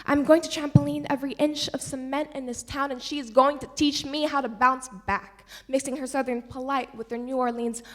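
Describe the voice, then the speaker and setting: A woman performing a spoken word love poem, with an impassioned, rhythmic delivery that swings between loud and soft. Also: sits high, fairly even intonation, a little fast, hardly any pauses.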